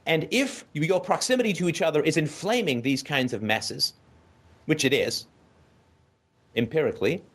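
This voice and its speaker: A man hosting a call-in show, giving blunt, forceful advice to a caller in an emphatic lecture full of profanity and vivid imagery, often checking in with "right?". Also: on the high side, moderate pace, pauses often.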